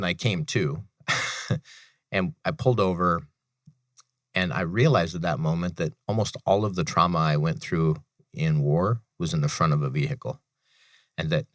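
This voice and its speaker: This man's voice is low-pitched and a bit bright, with a measured pace and frequent pauses. He is a veteran and author in his thirties, interviewed on a business radio show, telling personal stories earnestly and with repeated phrases. It is a dry, studio-quality recording.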